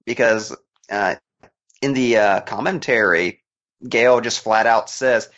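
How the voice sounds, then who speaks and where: A man co-hosting a podcast, analyzing a film in a casual, animated way and laughing often. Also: lowish voice, unhurried. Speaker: podcast co-host. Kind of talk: casual movie commentary chat. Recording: dull lo-fi sound.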